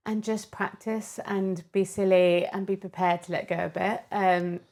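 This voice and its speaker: A woman's voice: mid-range voice, fairly even intonation, unhurried, darkish tone, no room sound, clean studio sound. A woman guest on a podcast, speaking frankly and upbeat about marketing. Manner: frank, upbeat, informal fillers. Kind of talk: casual interview chat.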